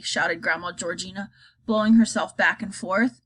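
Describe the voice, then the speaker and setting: A woman reading a children's storybook aloud, expressive and lively. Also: medium pitch, normal speed, husky. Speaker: reader.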